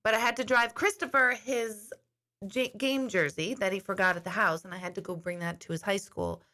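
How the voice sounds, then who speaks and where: A woman's voice: medium pitch, fairly even intonation, normal speed, bright, forceful tone. A middle-aged woman host chatting casually to her viewers, telling a long rambling story. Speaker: intuitive host.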